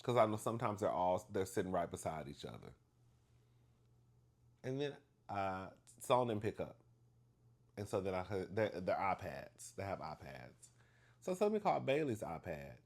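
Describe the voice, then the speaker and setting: Chatty storytelling man, lowish voice. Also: normal speed, creaky, long pauses. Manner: chatty, animated, addresses listener as "girl"; acts out dialogue with exaggerated emphasis. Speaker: vlogger telling a story. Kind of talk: casual storytelling to camera.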